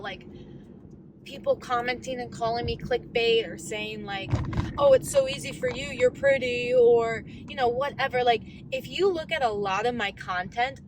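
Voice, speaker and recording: A woman's voice: on the high side, noisy background. A woman in her thirties in a casual, candid vlog rant, rambling as she coaches herself through her thoughts. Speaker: vlogger.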